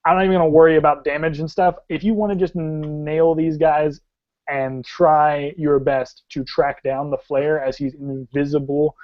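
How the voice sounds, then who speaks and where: Male game master, excitable and casual, somewhat high, dull lo-fi sound. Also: normal speed. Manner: excitable, laughing, loose and casual. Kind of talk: narrating a tabletop game. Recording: dull lo-fi recording.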